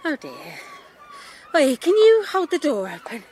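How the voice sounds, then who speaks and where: An actress playing a kindly, shrewd middle-aged mother who chats warmly and probes gently in a radio drama. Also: very high voice, huge pitch swings, unhurried, a little hiss or hum, exaggerated voice. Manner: warm, chatty, gently probing.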